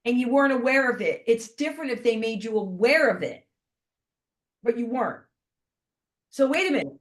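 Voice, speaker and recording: A woman in her fifties, a podcast guest, telling stories in a lively chatty way and acting out what people said. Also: a little high, normal speed. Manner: animated and chatty, acts out quotes. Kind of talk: casual storytelling.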